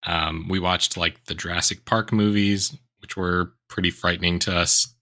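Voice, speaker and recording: A man with a very deep, flat voice that has a bright, crisp edge, telling his story as a guest on a casual podcast. He speaks in a measured, hesitant way. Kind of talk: casual chat.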